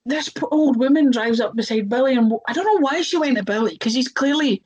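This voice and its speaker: Chatty higher-pitched young woman storyteller. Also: lively intonation, fast talker, a little mellow, husky, muffled recording. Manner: chatty, lots of fillers, acts out voices. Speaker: wrestler, interview guest. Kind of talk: casual interview storytelling.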